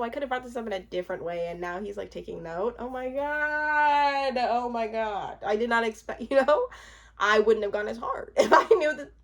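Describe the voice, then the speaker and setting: A woman in her twenties giving casual, chatty commentary on a reality show, laughing often and trailing off into restarts. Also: mid-range voice. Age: 20s.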